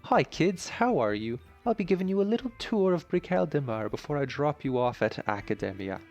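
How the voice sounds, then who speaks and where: A gracious British-accented woman dojo master with a formal, well-mannered way of speaking, as a man raises his voice to put her on. The lifted pitch sits above his own low, gravelly voice, and faint game music plays underneath. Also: animated, a little fast, darkish tone.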